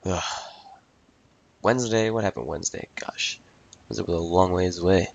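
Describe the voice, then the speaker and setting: A man's voice: sits low, moderate pace, creaky, dull audio. A young man in his late teens ranting casually into a microphone as host of his own podcast, exasperated and swearing freely. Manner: repeats "I tell you what" and "ridiculous". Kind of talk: casual solo podcast rant. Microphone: talking into a microphone.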